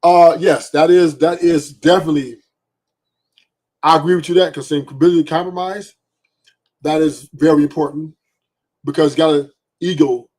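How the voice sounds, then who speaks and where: A man's voice: fairly high pitch, a little mellow. A man hosting a podcast, giving blunt, profane opinions and often asking "right?". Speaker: podcast host.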